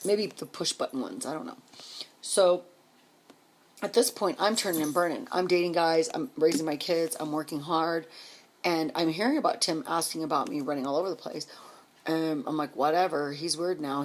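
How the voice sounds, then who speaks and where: A woman telling her life story casually on a vlog, blunt and swearing freely, with quick emphatic bursts. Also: low voice, breathy edge. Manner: rapid, emphatic delivery.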